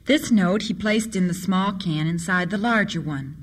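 A woman narrating a storybook in a steady, measured reading. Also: on the low side, a little hiss or hum.

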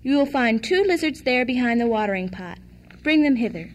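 A woman's voice: on the high side, lively intonation, brisk, natural voice. A woman doing a firm, kindly fairy godmother. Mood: commanding. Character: kind, commanding fairy godmother.

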